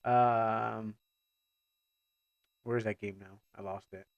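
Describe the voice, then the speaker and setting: A man's voice: lowish voice, little pitch movement, slow, vocal fry, dry recording, lo-fi sound. Rambling, stammering male streamer. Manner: rambling, stammering, joking asides. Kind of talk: casual live-stream reaction chat.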